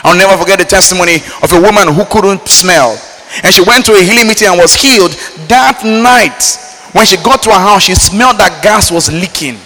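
Nigerian-born male preacher, high bright voice, animated sermon delivery with loud peaks and hushed asides, echoing hall. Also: brisk. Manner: animated preaching, swinging from loud emphatic lines to low quiet asides. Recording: reverberant hall.

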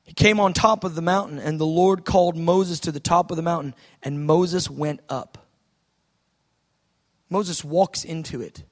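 A man preaching a sermon, dramatic, swinging between shouts and hushed tones. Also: fairly high pitch, fairly even intonation, measured pace.

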